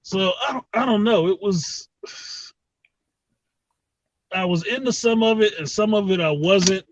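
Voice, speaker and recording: A man's voice: fairly high pitch, slight background noise. A man hosting a casual reaction chat, ranting in a profane, laughing way, recorded on a dull, lo-fi setup from far off the mic. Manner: animated, profane, laughing rant. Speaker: host.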